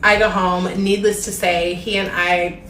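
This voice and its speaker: A woman's voice: on the low side, a little slow, noisy background. A young woman telling a travel story in a casual, gossipy way, talking straight to her viewers. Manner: animated, gossipy, addresses viewers directly. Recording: roomy, distant from the mic.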